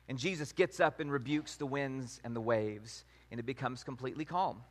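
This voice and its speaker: Man preaching in a reverberant hall. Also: mid-range voice. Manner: measured, reads scripture aloud. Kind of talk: sermon teaching.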